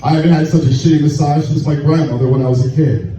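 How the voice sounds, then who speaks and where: A man doing crude stand-up at a bar open mic, telling a raunchy story in a deadpan way. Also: a little high, quick pace. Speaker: stand-up comedian. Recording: echoey, distant, muffled room recording with noise.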